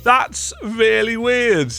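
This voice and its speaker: A man's voice: very high voice, lively intonation, extremely slow, vocal fry, sharp tone. A man giving casual, self-deprecating commentary while playing a video game. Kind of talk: casual let's-play commentary. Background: game music.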